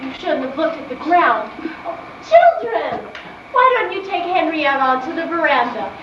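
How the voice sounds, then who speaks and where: A woman's voice: sits high, sing-song, moderate pace, very noisy. A woman playing a sweet, fussing widowed mother introducing her fiancé, in an amateur stage play. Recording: distant muffled echoey stage recording.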